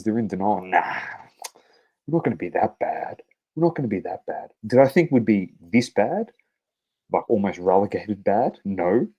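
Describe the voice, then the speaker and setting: A man co-hosting a sports podcast, talking football in blunt, sweary, animated banter. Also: fairly low pitch, dull audio. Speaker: podcast co-host. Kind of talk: casual sports chat.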